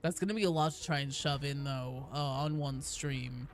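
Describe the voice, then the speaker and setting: A young woman streaming a game, chatting casually and greeting viewers with bursts of excitement. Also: very deep voice, normal speed. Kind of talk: casual gaming stream chat.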